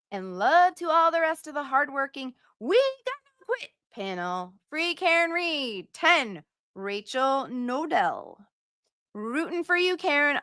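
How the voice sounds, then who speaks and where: A woman's voice: high voice, bright, forceful tone, dry recording, studio quality. A woman hosting a casual livestream, reading out donor messages in a chatty, playful way. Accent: put-on accent at times. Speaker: livestream host reading donations.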